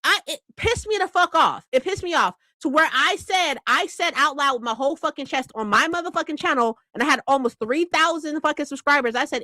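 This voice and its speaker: A woman vlogger on a heated, swear-filled rant, her high voice leaping up and down with energy. Her tone is bright and cutting. The sound is close and dry, with no room around it. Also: moderate pace, dry recording. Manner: heated, profane, animated rant. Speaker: book vlogger. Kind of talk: ranting casual vlog.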